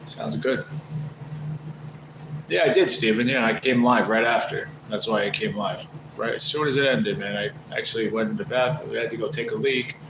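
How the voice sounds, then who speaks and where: A man's voice: on the low side, normal speed, gravelly. A man hosting a casual livestream, rambling and swearing a lot as he talks with viewers. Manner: profane, rambling and aggrieved. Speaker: livestream host. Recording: echoey room with background noise.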